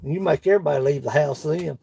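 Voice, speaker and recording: A man's voice: fairly high pitch, quick pace, creaky, dark tone, husky. A man with a Kentucky accent chatting casually with his livestream viewers in a folksy, laughing country drawl. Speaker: woodworking livestream host. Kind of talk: casual chat reading live comments.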